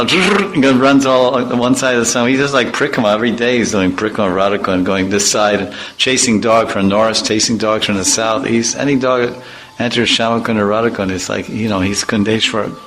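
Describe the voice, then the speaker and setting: A man's voice: fairly low pitch, fairly bright tone, a little hiss or hum, poor audio. A man, a spiritual teacher, giving an informal devotional talk with humorous storytelling and vivid imitations.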